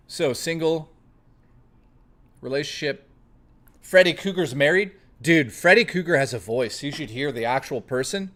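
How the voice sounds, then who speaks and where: A man's voice: on the high side, expressive, normal speed, bright, forceful tone, slight background noise. A man hosting a live stream, chatting casually with viewers, swearing freely and reading the chat aloud. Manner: profane, playful, reads chat aloud.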